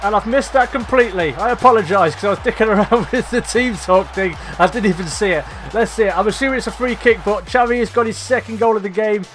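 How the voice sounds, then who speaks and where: Excitable man commentating a game. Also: high voice, fast, few pauses, a little hiss or hum. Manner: excitable, swears, laughs at himself. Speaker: gaming commentator. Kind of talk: let's play commentary.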